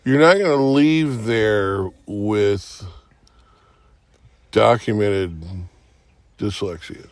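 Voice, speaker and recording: A man's voice: on the low side, drawn-out words, pauses often, no echo. A man telling a long rambling story in casual podcast chat, swearing and acting out what people said. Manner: rambling, profane, acts out quotes with sudden shouts. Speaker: podcast host.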